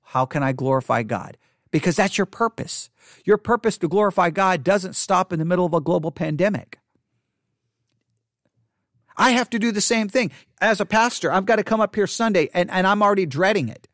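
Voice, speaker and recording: A male pastor teaching catechesis in sermon style, emphatic and repetitive, hushing his voice for quoted thoughts. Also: high voice, fairly quick, no echo, clean studio sound.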